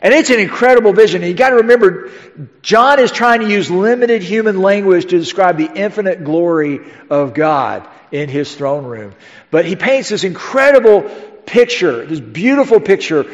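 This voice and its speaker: A man's voice: high-pitched, animated, moderate pace. A middle-aged male pastor preaching a sermon in a conversational style, asking rhetorical questions of his congregation. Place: church sanctuary. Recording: dull church recording with long reverb.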